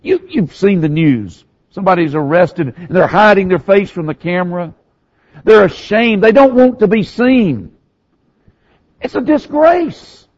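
Man preaching, husky, lively pitch swings, slightly high voice, dull lo-fi recording. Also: moderate pace. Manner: animated storytelling, swinging from hushed to raised. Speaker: pastor. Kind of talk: sermon.

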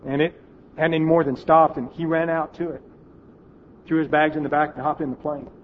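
A man preaching a sermon in an auditorium, telling a story and dropping to a hush at its emotional moments. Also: on the high side, flat delivery, a little fast, narrow, tinny audio, a little hiss or hum.

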